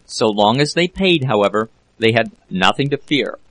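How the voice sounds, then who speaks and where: A man narrating a classic novel as an audiobook reader, in a steady, measured way. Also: medium pitch, dry recording, low-quality recording. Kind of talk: scripted narration.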